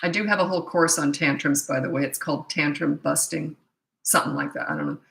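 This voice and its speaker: Middle-aged parenting coach lady, blunt and chatty, lowish bright voice, echoey room. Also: wildly swooping pitch, gravelly. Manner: blunt, chatty, frequent "anyway" asides and quick laughs. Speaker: parenting coach and channel host. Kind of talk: casual Q&A monologue with anecdotes.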